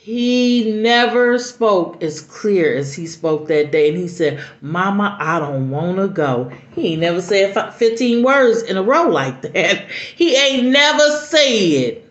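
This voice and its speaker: A middle-aged mother telling a personal story in an earnest, halting way with many restarts. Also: medium pitch, very animated. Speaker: mother sharing advice. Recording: roomy, dull lo-fi recording.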